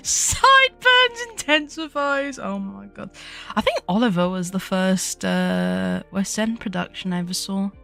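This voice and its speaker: A young woman chats at an easy, unhurried pace while drawing on stream, laughing a lot and swearing casually. Her pitch sits in a middling range. Soft music plays faintly behind her. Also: vocal fry. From United Kingdom. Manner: giggly, swears freely, self-mocking. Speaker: VTuber streamer.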